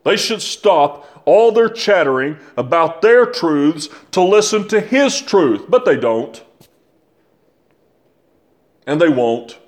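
An older man delivers a sermon in a fairly high voice. He speaks slowly and deliberately, leans on repeated phrases and puts rhetorical questions to his congregation. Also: sing-song. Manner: asks the listeners rhetorical questions. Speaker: preacher.

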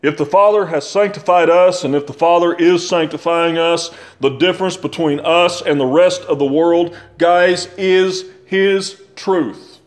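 Slow, high-voiced older preacher. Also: male voice. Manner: deliberate, repeats phrases for emphasis; asks the listeners rhetorical questions. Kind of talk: sermon.

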